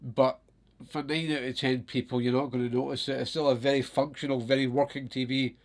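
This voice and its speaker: A Scottish man chatting to camera in a loose, storytelling way. He is animated, breaks into laughter often and swears without a second thought, at a mid-range pitch. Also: fairly quick. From Scotland. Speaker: vlogger.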